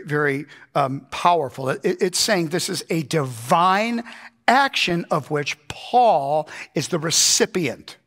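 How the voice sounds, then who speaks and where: Male pastor, fairly high voice, emphatic conversational sermon delivery, keeps checking in with the room. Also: a bit bright. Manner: emphatic, conversational, asks the congregation rhetorical questions. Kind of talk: verse-by-verse Bible teaching sermon. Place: church.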